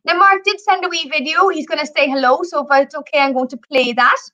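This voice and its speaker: A woman telling folklore stories on a video call, chatty and animated. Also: sits high, a little fast, lo-fi sound. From Ireland. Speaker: tour operator representative. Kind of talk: storytelling on a live video presentation.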